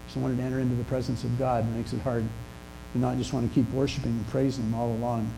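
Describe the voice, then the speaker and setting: Gravelly older male pastor preaching. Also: medium pitch, level tone, noisy background. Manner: conversational storytelling with pauses and restarts. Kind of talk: sermon. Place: church sanctuary.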